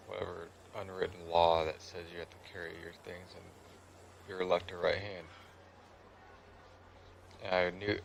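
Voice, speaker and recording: A man's voice: low voice, gravelly, a little hiss or hum, rough recording. A man telling a meandering, conversational story in a casual way while he plays a game. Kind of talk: casual storytelling over gameplay.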